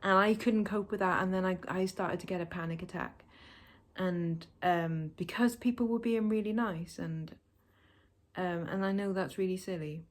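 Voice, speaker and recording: A woman's voice: fairly low pitch, steady tone, moderate pace. Chatty woman telling her own story. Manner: chatty, lots of fillers, acts out quoted exchanges. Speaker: vlogger. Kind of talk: casual storytelling vlog.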